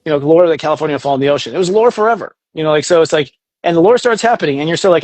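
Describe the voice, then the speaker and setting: Animated man explaining in a dry room. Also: high voice, rapid-fire, dry recording. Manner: animated, explains with quoted inner voices, swears casually. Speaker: astrologer guest. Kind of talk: casual podcast chat.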